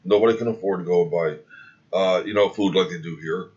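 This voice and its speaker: A man's voice: deep voice, steady tone, a little fast, darkish tone. A man speaking in a heated opinion monologue, rambling and restarting his words, recorded with dull, lo-fi sound. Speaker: video commentator.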